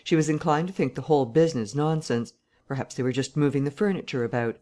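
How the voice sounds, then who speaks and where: An audiobook narrator reading a classic novel in a steady, even storytelling manner. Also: mid-range voice, fast.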